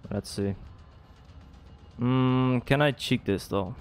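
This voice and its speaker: A man giving casual live gameplay commentary as a streamer, excitable, swearing and laughing often. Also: medium pitch, slow, soft background music. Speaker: gaming streamer.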